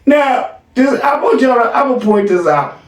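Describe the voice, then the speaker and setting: A man doing casual reaction commentary, mocking and animated, laughing often as he talks. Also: very high voice, normal speed, echoey room, distant mic. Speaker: reaction streamer.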